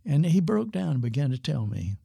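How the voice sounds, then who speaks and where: Older man with a gravelly, husky voice. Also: on the high side, very animated, dark tone, no room sound, studio quality. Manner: unhurried storytelling that acts out quoted dialogue. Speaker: guest, former missionary pastor. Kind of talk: storytelling in a podcast interview.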